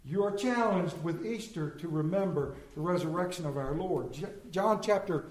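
Emphatic preacher in an echoing hall. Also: male voice, high-pitched, moderate pace. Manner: animated, emphatic, swinging from loud to hushed. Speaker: pastor. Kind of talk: sermon.

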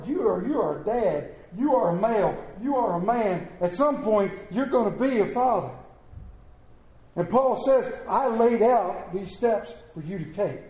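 A male pastor preaching a folksy sermon, swinging from booming calls to hushed, tender passages. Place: church sanctuary. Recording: echoey church room.

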